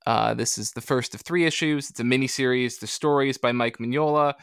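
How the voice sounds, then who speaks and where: A man's voice: medium pitch, a little fast, vocal fry, a bit bright, clean tone, no echo, clean studio sound. A man co-hosting a comics podcast, chatting casually in a joking, rambling way. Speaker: podcast co-host.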